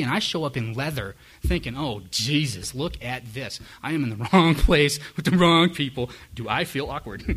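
His voice is a little high with a fairly bright tone. A middle-aged man is giving personal testimony in front of a live audience, telling the story of his own recovery with frank, self-deprecating candor.

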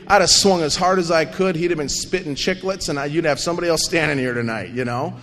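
A man with a fairly high voice tells his recovery story to a meeting, animated and self-mocking, with coarse jokes. His voice rings out with a long hall reverb behind it. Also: brisk. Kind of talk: personal recovery story told to an audience.

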